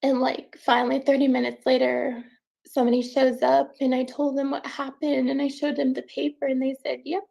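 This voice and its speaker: A woman telling her own painful story in a halting, tearful way, full of "like" fillers. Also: high voice, little pitch movement, gravelly, warm tone. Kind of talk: emotional first-person account.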